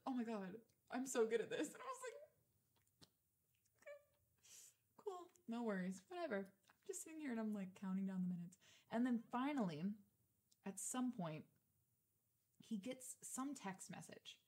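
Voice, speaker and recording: A woman in her twenties with a mid-range, darkish voice co-hosts a podcast. In easygoing conversation she tells a story, swearing liberally and voicing the quotes herself.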